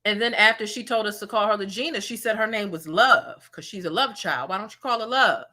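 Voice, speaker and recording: A woman's voice: medium pitch, a little fast, pushed and bright. A woman hosting a livestream commentary, reading super chats and making sarcastic, mocking asides. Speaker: commentary channel host.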